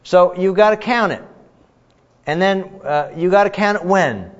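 A man's voice: high voice, unhurried. Man teaching the Bible in a hall. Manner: conversational, emphatic, restarts often. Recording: dull audio, long reverb in a hall.

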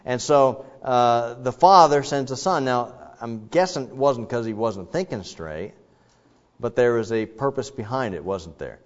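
Man, preacher, conversational sermon, mid-pitched, long hall reverb. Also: measured pace. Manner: conversational, rises to animated rhetorical questions. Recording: dull, reverberant hall sound.

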